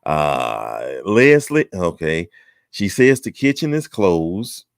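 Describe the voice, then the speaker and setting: A man's voice: sits low, sing-song, slow pace, no echo, studio quality. A man hosting a chat show, welcoming guests one by one in a folksy, teasing manner. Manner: folksy, teasing, drawling southern talk. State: out of breath. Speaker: host.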